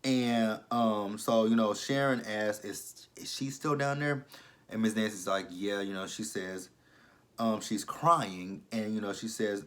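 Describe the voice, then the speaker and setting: Man, fairly low voice, casual show recap, profane, exasperated. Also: measured pace, a bit bright. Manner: blunt, profane, exasperated commentary. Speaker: TV show reviewer.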